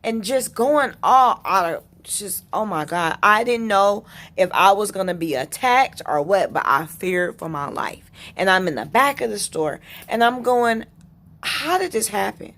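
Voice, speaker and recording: A woman vlogger telling a personal story in an indignant, unhurried way, with pauses and restarts. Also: medium pitch, animated, a bit bright.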